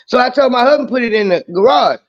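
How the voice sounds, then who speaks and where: A woman's voice: on the high side, animated, quick pace. A woman in casual chat, telling stories emphatically and swearing freely. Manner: emphatic, profane, storytelling. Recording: dull lo-fi audio.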